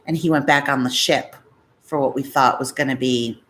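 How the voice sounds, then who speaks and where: A woman's voice: extremely low pitch, steady tone, normal speed, fairly bright tone. A middle-aged woman from Massachusetts hosting a live-stream, chatting casually and rambling through stories while reading viewer comments. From Massachusetts, USA.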